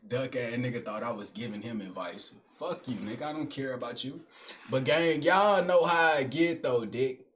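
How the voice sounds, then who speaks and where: A young man doing a comedic monologue in which he talks to himself in slangy, profane speech, swinging between loud projecting and low mumbling. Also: moderate pace, a little hiss or hum. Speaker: skit creator.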